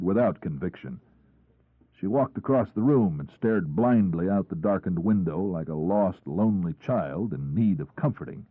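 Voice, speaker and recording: Low husky guy narrating a crime audiobook, dry tinny phone-like sound. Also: expressive, moderate pace, dry recording. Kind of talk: first-person scripted narration.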